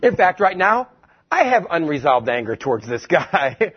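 Husky, animated male preacher. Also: a little high, moderate pace, muffled recording. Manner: animated storytelling, acts out quotes. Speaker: pastor. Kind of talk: sermon.

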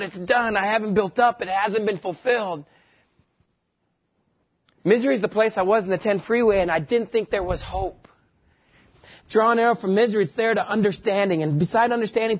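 West texas guy preaching, tells stories about himself and jokes at his own expense, kinda high voice, muffled lo-fi sound. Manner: storytelling, self-mocking humor. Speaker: pastor. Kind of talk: sermon. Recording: dull lo-fi recording.

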